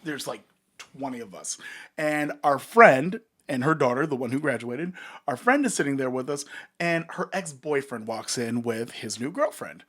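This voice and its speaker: A man's voice: mid-range voice, normal speed. A young man co-hosting a podcast, telling a bar story in casual chat, acting out quotes and swearing freely. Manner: animated, swearing storyteller who acts out quotes. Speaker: podcast co-host.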